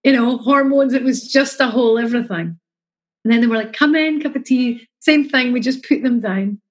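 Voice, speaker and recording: Husky mother telling a story. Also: fairly high pitch, a little fast, rough recording. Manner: chatty, emotional, acts out quotes. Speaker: mother sharing her story. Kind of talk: casual storytelling.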